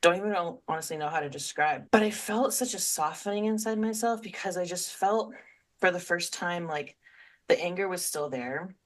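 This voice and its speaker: A woman's voice: fairly low pitch, normal speed. A woman guest on a podcast talking in a heartfelt, rambling way in casual conversation, with some swearing.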